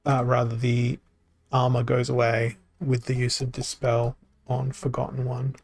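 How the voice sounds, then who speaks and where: A man streaming a card game, thinking aloud in a halting, self-mocking way, his voice tired and worn from talking. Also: mid-range voice, monotone, darkish tone. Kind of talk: casual live-stream commentary.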